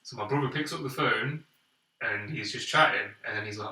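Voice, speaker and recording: Young male podcast co-host, bright tone, lively storyteller doing the voices, roomy echo, distant mic. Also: medium pitch, a little fast. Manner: animated storyteller, acts out quoted voices. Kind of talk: casual storytelling chat. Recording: echoey room, off-mic.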